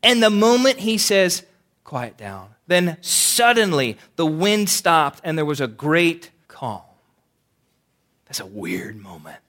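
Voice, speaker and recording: A man preaching a sermon, swinging between loud emphasis and hushed, quiet lines. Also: medium pitch. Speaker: pastor.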